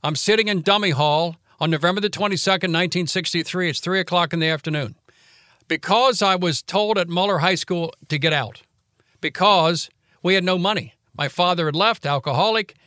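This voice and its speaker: Older guy in his 70s telling stories, high voice, sharp forceful delivery, dry close sound. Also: dry recording. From Cincinnati, Ohio. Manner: aggressive rapid cadence. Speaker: radio host and lawyer guest. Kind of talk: storytelling in a casual interview.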